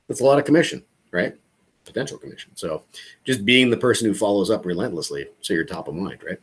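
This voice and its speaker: Husky, joking male coach. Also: on the low side, quick pace. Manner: casual, joking, animated when acting out calls. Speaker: real estate coach. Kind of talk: coaching session on a video call.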